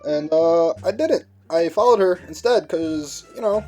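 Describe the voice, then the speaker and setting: A man's voice: fairly high pitch, measured pace, soft background music. A young man narrating a storytime animation in a casual, slangy way, playfully acting out what others said. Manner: relaxed slangy delivery, playful quoting.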